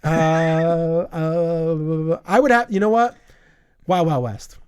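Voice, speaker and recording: A man's voice: fairly high pitch, slow pace, a little mellow, clean tone. A man co-hosting a casual movie podcast, rambling and self-deprecating. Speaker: podcast co-host. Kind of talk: casual chat.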